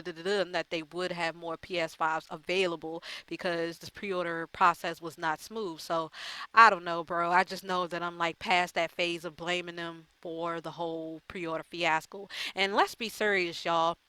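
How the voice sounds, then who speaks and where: A woman's voice: fairly low pitch, little pitch movement, moderate pace, bright, forceful tone, clear, resonant tone, no echo. A woman gaming YouTuber chatting casually to her viewers, rambling and profane with lots of fillers. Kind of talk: casual chat to camera.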